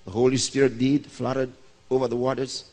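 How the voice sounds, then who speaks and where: A man's voice: mid-range voice, flat delivery, brisk, mellow. A man in his sixties, a pastor, preaching a sermon by asking questions and answering them himself. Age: 60s. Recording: long reverb of a large hall.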